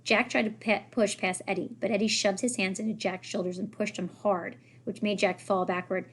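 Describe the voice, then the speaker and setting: A woman reads a children's novel aloud in a lively way. She lifts her voice when the characters speak. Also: medium pitch, normal speed. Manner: lively, raises voice for characters' lines. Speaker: reader.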